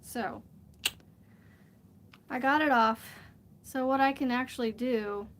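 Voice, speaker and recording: A crochet vlogger chats casually on a livestream while she crafts, rambling and laughing often as she works. Her voice is slightly high and a bit bright, her pace slow, with some light background noise.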